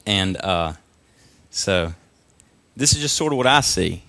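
A man's voice: low voice, lively intonation, takes it slowly, gravelly, no room sound. Young man preaching, dry close sound. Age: 20s. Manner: punctuates lines with frequent amens and praise God; swings from quiet asides to loud rising exhortation. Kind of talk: sermon. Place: church service.

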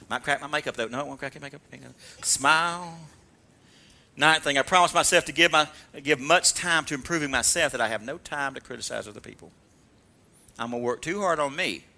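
A man preaching in a bright, forceful voice that sits a little high for a man. He pulls call-and-response from his congregation and swings from loud exhortation down to quiet, murmured asides. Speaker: pastor. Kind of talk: sermon.

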